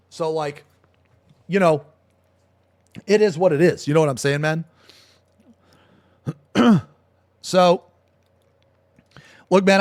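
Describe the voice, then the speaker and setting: A man's voice: on the high side, no room sound. A male streamer ranting on a live stream, swearing a lot, repeating himself and calling everyone "man" and "bro". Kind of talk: casual live-stream rant.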